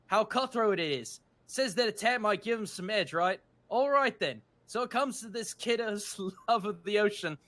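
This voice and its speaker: A man voicing a pushy, chummy male tattoo artist making a sales pitch. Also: lively intonation, moderate pace, hardly any pauses, a bit bright.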